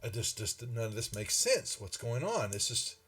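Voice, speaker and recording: A man's voice: medium pitch, sing-song, moderate pace, fairly bright tone, distant mic, soft background music. Man doing a blustering, cursing knight. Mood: troubled.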